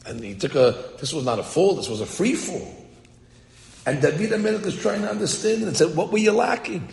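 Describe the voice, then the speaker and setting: Animated man teaching, echoey hall. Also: a little high, a little fast, creaky. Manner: animated, translating Hebrew phrases line by line. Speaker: Torah teacher. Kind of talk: text-study lecture.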